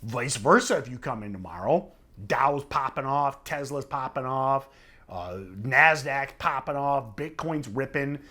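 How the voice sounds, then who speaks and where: A man's voice: medium pitch, animated, a little slow, pushed and bright. A middle-aged man giving a casual trading lesson, talking conversationally and often checking in with "okay?". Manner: conversational, repeats "okay?" for emphasis. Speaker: trading trainer. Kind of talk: casual instructional talk to camera.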